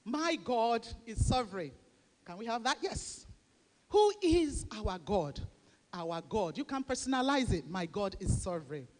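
A woman pastor preaching a sermon, leading the congregation in call-and-response and often rising to shouts. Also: mid-range voice, very animated, unhurried. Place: church. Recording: long reverb of a large church hall.

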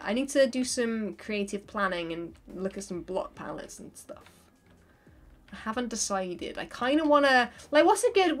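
Chatty woman streaming a game. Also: a little high. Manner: chatty, laughs often, thinks aloud. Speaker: livestreamer. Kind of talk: casual livestream chat while playing.

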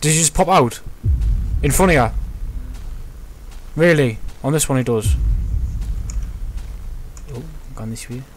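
A man's voice: mid-range voice, unhurried, pauses often, slight background noise. A young man playing a horror game, nervous and jumpy, swearing and gasping as he goes. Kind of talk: casual gameplay commentary.

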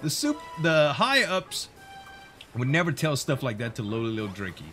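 A man voicing a small, lowly dragon-bat minion with a hissing, snake-like voice. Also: wildly swooping pitch, normal speed, sharp tone, faint music behind. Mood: nervous.

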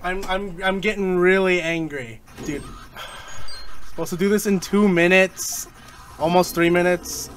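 A young man hosting a gaming channel, giving excitable, easily frustrated commentary while he plays. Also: high voice, a little slow, soft background music. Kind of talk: let's-play commentary.

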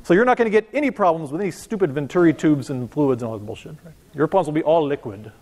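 A man's voice: fairly high pitch, expressive, quick pace, darkish tone. A man teaching a university physics lecture in a casual, joking way, talking straight to his students. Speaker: physics professor. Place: lecture hall. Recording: long reverb of a lecture hall.

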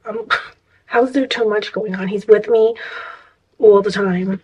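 A woman's voice: mid-range voice, a little slow, highs cut off, slight background noise. Chatty woman vlogger, exasperated storytelling. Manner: chatty, exasperated, rambling with restarts. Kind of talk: casual storytime chat.

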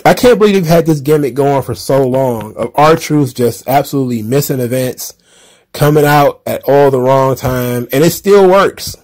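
A man with a medium-pitched, darkish voice at a moderate pace hosts a casual wrestling recap podcast. He talks loosely, laughing often, dropping sarcastic asides and using plenty of filler words.

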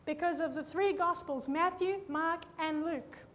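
A woman's voice: extremely high pitch, unhurried. A woman preaching a sermon, telling a story and speaking directly to her listeners as friends. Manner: lively storyteller who acts out both sides of conversations; addresses the audience directly with "friends" and "Amen?".

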